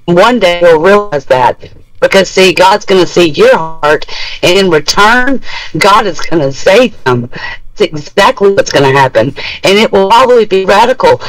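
A man in a Bible study group speaks with confident reassurance, offering encouragement to another member. His voice sits notably high for a man. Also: a bit bright, poor audio.

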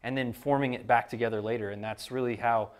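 Male improv writer on a panel, relaxed explainer, mid-pitched voice. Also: quick pace. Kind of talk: conversational panel talk.

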